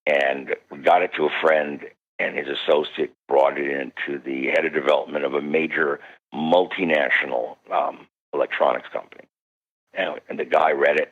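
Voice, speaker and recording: A man being interviewed as a guest parapsychologist, telling stories animatedly with sudden jumps in pitch. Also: slightly rough. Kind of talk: recounting stories in a radio interview. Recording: dull lo-fi radio call.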